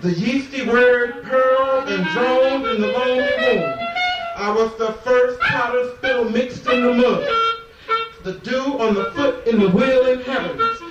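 A man reciting a poem in a slow, incantatory way that sinks to a hush. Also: extremely high pitch. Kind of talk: incantatory poetry reading over music. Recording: echoey, dull and distant, with music.

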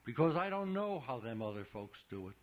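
A man's voice: mid-range voice, big pitch swings, brisk, pitched above the performer's own voice, natural voice. A man reading an audiobook, voicing a big, blustering small-town man who scolds a boy in folksy, ungrammatical talk. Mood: hectoring. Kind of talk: audiobook character voice. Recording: dull lo-fi recording.

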